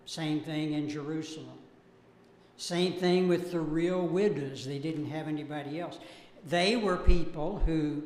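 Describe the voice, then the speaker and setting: Man teaching a church Bible class, slightly higher voice, unhurried, echoey hall, faint room noise. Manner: slow, deliberate, cites verses. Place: church auditorium.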